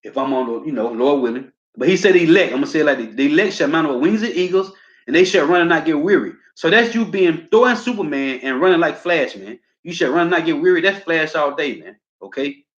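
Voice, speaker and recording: In a preaching style, a man teaches from scripture, reading verses slowly and emphatically and tagging his lines with a casual filler. His voice sits fairly high with lively intonation. The recording sounds roomy, dull, and lo-fi.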